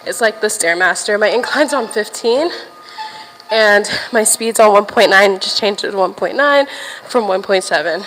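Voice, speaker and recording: A woman's voice: medium pitch, normal speed, fairly bright tone, big-room sound, a little hiss or hum, low-quality recording. A young woman livestreaming from a gym while walking on a stair machine, chatting casually to viewers, a little out of breath and swearing now and then.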